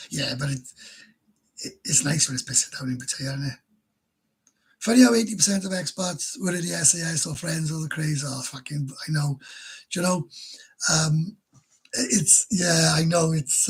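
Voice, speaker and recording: On a live stream, a Welsh man casually works through viewer comments in a slightly high, husky voice. He rambles and speaks bluntly, often laughing at himself, and the recording quality is low.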